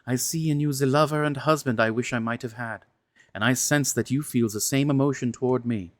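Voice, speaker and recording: Husky seductive lady aristocrat, as a guy reading a story puts her on, formal and slow, dry close sound. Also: mid-range voice, dry recording, lightly acted. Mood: intimate, pleading. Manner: formal, measured speech. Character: seductive aristocratic woman, frank and intimate.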